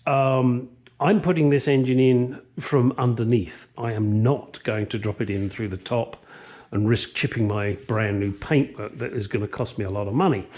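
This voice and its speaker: A man's voice: medium pitch, a little mellow. Joking man in his garage. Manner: chatty, joking, crude asides; talks while working with tools. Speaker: car restoration vlogger. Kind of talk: casual workshop vlog. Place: home garage workshop. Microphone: camera mic on a stand nearby.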